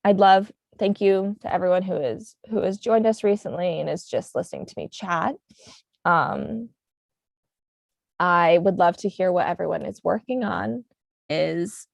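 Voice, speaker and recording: A young woman with a New England accent chats her way through a knitting livestream, rambling easily and filling the pauses with ums. Her voice sits low for a woman and carries a gravelly fry. The sound is dry and close, with no room in it. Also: no room sound. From United States. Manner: chatty, rambling, frequent ums. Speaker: livestream host. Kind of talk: casual chat while knitting.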